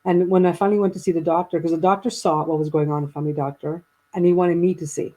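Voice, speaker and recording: A woman in her fifties talks through a family story in conversation. Her voice is mellow and a little husky. She rambles, restarts her sentences and acts out what people said. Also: on the low side, fairly even intonation, fast talker, poor audio. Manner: rambling, with many restarts and quoted dialogue. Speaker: guest.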